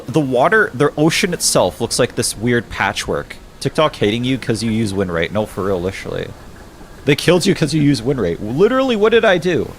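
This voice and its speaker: A man streaming games live who keeps reacting in exasperated outbursts, swears and restarts when flustered, and drops into low mumbled reading of game text. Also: a little hiss or hum.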